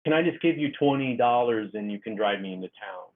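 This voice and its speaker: A man's voice: fairly low pitch, animated, fairly quick, lightly acted. A middle-aged man quoting a confused elderly stranger with a Boston accent, in a voice close to his own. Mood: bewildered. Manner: bewildered, plainspoken. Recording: tinny phone-like line.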